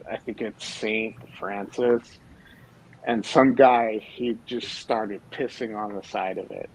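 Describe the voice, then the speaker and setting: A man telling police stories in casual chat, animated and full of fillers. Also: mid-range voice, slight background noise, poor audio. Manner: animated storytelling with lots of fillers. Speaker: former police officer.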